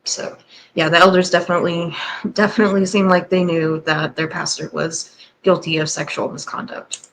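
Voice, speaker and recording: A woman with a fairly low voice hosts a reaction commentary. She talks candidly and with a sarcastic, skeptical edge. A faint hum of noise sits under her voice. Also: little pitch movement, moderate pace, fairly bright tone, poor audio. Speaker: host and commentator.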